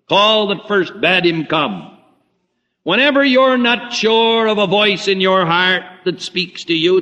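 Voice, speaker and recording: A man preaching a sermon, dramatic, swinging between loud emphasis and hushed low tones. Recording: muffled lo-fi recording in a reverberant hall.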